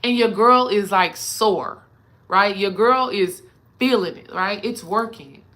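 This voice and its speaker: A woman's voice: mid-range voice, slow, bright, forceful tone. A woman spiritual coach talking casually and animatedly to her viewers, addressing them directly.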